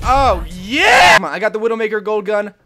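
A young man giving goofy, excitable gameplay commentary into a desk mic, yelling and laughing at his matches. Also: sits high. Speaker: gaming YouTuber.

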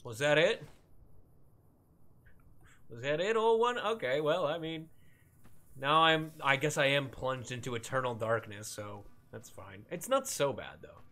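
Young male streamer at a mid pitch, wry and reactive, trading quips with the game as he plays. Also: normal speed, sharp tone. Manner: joking, reactive, talks to the game characters. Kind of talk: let's-play commentary.

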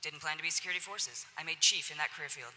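Speaking very fast in a low, sharp voice, a woman who is a senior enlisted leader gives candid, conversational remarks on a symposium panel. The recording carries the echo of a hall and slight background noise.

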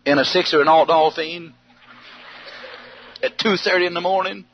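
A man preaching a storytelling sermon, animated, bursting into shouts and yells as he tells it. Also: high voice, moderate pace. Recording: dull lo-fi archive sermon tape with faint hiss.

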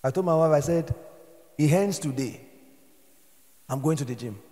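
A Nigerian man preaching a sermon as pastor, moving between quiet storytelling and shouted exhortation. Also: on the high side, moderate pace, in a large hall.

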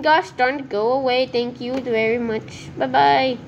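Woman, gameplay commentator, high voice, slow unhurried delivery, nervous and excitable. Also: slight background noise. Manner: excitable, nervous self-talk. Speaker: gaming video creator.

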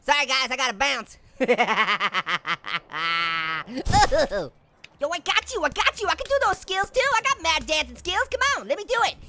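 A squeaky, giggly cartoon orange. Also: male voice, sing-song, a little slow, bright, forceful tone, heavily acted. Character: hyper, giggly talking orange, pun-loving, male. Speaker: game commentator. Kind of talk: gameplay commentary. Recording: noisy recording.

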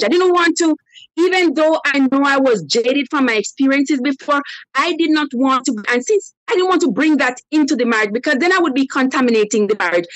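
A woman tells her story on a call-in show in a high, animated voice. She slips into the voices of the people she quotes. The sound is dry and close. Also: no room sound, low-quality recording. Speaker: caller. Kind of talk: telling a personal story on a live call-in show.

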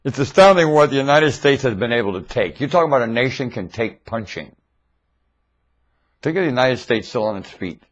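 Man, webcam monologue; husky, bright, swings his pitch all over, rambling and excitable. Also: low-quality recording. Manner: rambling, excitable, often laughing. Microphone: webcam microphone.

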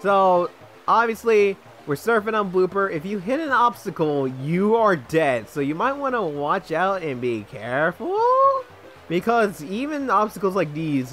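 A man's voice: high-pitched, lively intonation, a little slow, fairly bright tone, soft background music. A young man giving casual, rambling gameplay commentary as a let's play host, sidetracked and self-deprecating.

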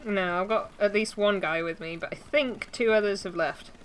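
A woman's voice: mid-range voice, normal speed, slight background noise, poor audio. Woman, giggly gamer co-host, teasing banter, casual delivery. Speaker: podcast co-host playing an online game. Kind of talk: casual gaming chat.

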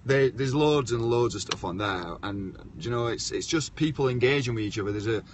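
A man's voice: medium pitch, lively intonation, fairly quick. A man hosting a casual live-stream chat, talking bluntly and swearing now and then. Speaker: show host. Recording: faint background noise.

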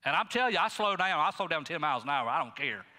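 A middle-aged male pastor preaching a sermon in a folksy, animated way, talking straight to the congregation. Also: on the high side, fast talker, big-room sound, a little hiss or hum. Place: church sanctuary.

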